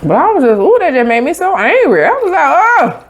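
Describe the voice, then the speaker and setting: A woman's voice: high-pitched, big pitch swings, fairly quick, slight background noise. A woman from Tampa, telling a sassy, emphatic story with sound effects in a casual vlog chat. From Tampa, Florida. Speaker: vlogger.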